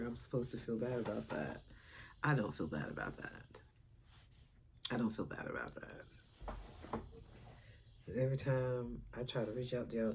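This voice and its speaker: Talking spiritually and casually to camera, this vlogger and stand-up comic rambles, laughs a lot, and sometimes drops to a whisper. Her very deep voice is gravelly with a darkish tone, and some background noise is audible.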